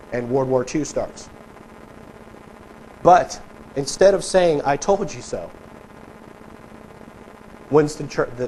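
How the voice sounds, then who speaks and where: In a church sanctuary, a male pastor delivers an emphatic yet conversational sermon, reading out quotes and mimicking politicians in mocking voices as he talks with the congregation. His voice is medium in pitch and a touch mellow. There's some hiss or hum, and the recording quality is rough.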